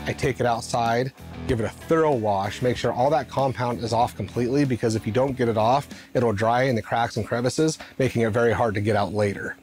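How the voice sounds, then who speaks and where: Car shop detailer guy, medium voice, just explains stuff straight, loud music underneath. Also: medium pitch. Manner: matter-of-fact, explains steps plainly. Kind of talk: reality show interview and work commentary.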